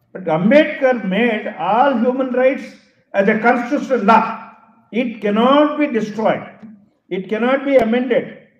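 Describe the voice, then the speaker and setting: A man's voice: high voice, dull audio. Male professor, emphatic speech, roomy echoey hall. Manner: emphatic, repeats key phrases, deliberate. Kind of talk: public lecture.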